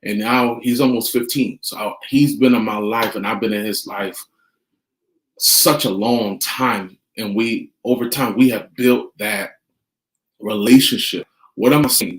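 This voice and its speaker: A middle-aged man vlogging family advice in an earnest, repetitive way, telling stories and acting out what people said. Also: lowish voice. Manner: earnest, repeats key points, retells scenes with quoted dialogue. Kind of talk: casual monologue to camera. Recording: roomy echo.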